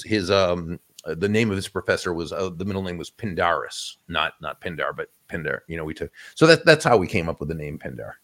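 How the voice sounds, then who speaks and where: Man, very low voice, interview guest, reflective advice, frequent restarts. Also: a bit bright. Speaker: guest author. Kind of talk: conversational interview.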